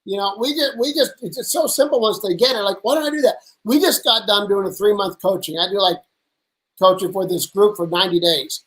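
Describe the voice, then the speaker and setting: A man with a notably high voice hosts a casual chat over lunch. He tells his stories with punchy energy, jumping into other people's voices as he quotes them. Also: fairly quick, poor audio. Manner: energetic storyteller who acts out quotes. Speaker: host. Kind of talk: casual conversation. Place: at a lunch table.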